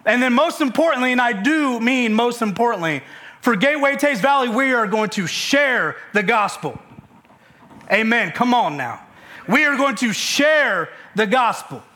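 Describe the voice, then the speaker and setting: A male pastor preaching a sermon to a church service, energetic and conversational, with many fillers and restarts. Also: extremely high pitch, moderate pace.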